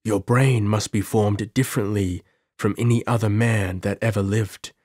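A man's voice: lowish voice, steady tone, moderate pace, darkish tone, no echo, studio quality, close to an everyday voice. A man reading an audiobook and voicing a cold, sinister male scientist who murmurs with detached, clinical interest. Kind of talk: audiobook character voice.

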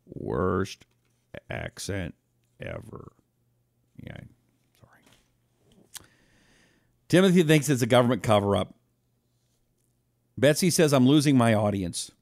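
A man's voice: medium pitch, lively intonation, a little slow, pauses often, a little mellow, no echo, clean studio sound. A man hosting a live talk stream, chatting loosely with viewers, reading out their comments and making blunt asides. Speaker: host.

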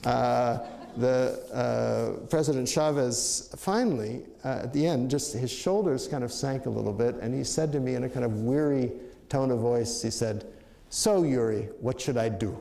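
Gravelly older man telling a story. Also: mid-range voice, moderate pace, few pauses, mellow, reverberant. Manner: anecdotal, reflective, with many fillers and restarts. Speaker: speaker giving a talk. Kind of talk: storytelling lecture.

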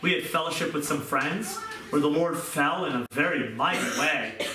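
A man's voice: a little high, moderate pace, very noisy. A middle-aged man preaching a sermon in an earnest, repetitive way, recorded from a distance in an echoey room. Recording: echoey room, mic far off.

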